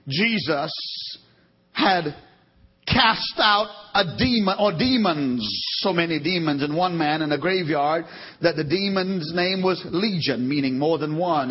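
A man preaching a sermon dramatically, rising to loud emphatic peaks and dropping to soft asides, often repeating and correcting himself. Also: fairly high pitch, breathy edge. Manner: repeats words and corrects himself mid-sentence. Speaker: pastor. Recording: dull lo-fi recording.

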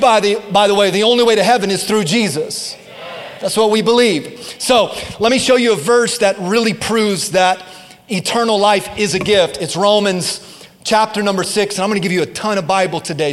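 High-voiced pastor preaching in a hall. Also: male voice. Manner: call-and-response preaching, rising to emphatic bursts. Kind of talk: sermon. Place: church sanctuary. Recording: reverberant church hall.

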